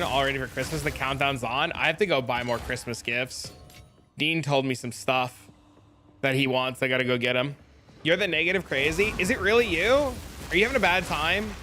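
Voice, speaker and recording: A man streaming a game, chatting casually, excitable and swearing often as he thanks his viewers. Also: medium pitch, normal speed, faint music behind. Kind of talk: casual live-stream chat.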